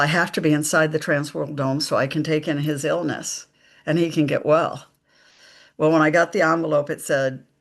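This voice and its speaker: A woman, a psychic medium guest, telling stories slowly and emphatically in a live conversation, acting out the dialogue. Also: sits low, gravelly. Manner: slow, emphatic storytelling with quoted dialogue.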